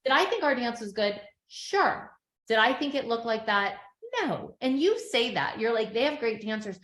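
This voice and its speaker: A woman's voice: a little high, moderate pace. Chatty middle-aged woman in an echoey room. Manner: chatty storyteller, acts out quotes with animated voices. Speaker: podcast co-host. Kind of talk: casual chat recapping a TV episode.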